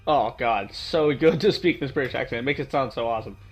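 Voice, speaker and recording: A man's voice: mid-range voice, a little fast, breathy edge, faint music behind. Man joking through a game playthrough. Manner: playful, joking, talks to viewers. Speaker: gaming channel host. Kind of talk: let's play commentary and narration.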